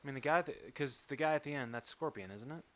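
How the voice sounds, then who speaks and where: A young man co-hosting a podcast, chatting casually with quick joking reactions. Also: medium pitch, fairly bright tone. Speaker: podcast co-host. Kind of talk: casual chat.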